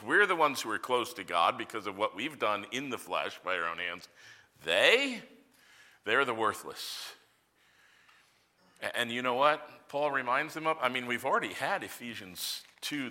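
A male pastor preaches with a bright, forceful and sharply cutting voice. His pitch leaps up and down in a lively way as he swings from casual asides to loud emphatic lines. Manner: animated, conversational preaching with sudden loud emphasis. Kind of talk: sermon.

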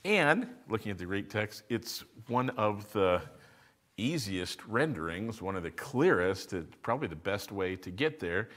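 Lively man preaching a teaching sermon. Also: fairly low pitch, unhurried. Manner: lively teaching voice, asks and answers rhetorical questions. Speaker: pastor. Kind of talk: expository sermon.

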